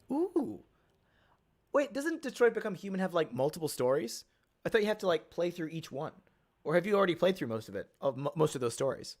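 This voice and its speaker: An Australian man chatting excitably while streaming a game, often gasping and laughing. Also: on the high side. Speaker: streamer and voice actor. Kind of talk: casual game stream chat.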